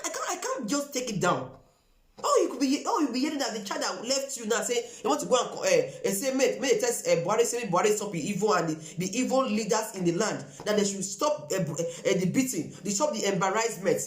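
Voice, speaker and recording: A woman's voice: mid-range voice, animated, quick pace, hardly any pauses, reverberant. A Nigerian woman with a Nigerian accent, speaking to viewers in an emphatic, repetitive appeal that slips into Pidgin. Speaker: vlogger.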